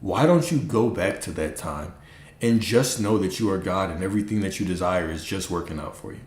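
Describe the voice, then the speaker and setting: Man, low voice, blunt preachy coaching talk, echoey room. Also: lively intonation, a little fast. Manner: blunt, preachy, profane, mocks listeners in high put-on voices. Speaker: manifestation coach. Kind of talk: casual livestream talk.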